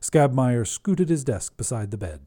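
Mellow-voiced male story narrator. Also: mid-range voice, expressive, unhurried. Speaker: podcast host and narrator.

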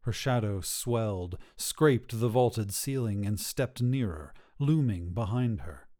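A man narrating a dark fairy tale in a slow, hushed storybook telling. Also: lowish voice, expressive.

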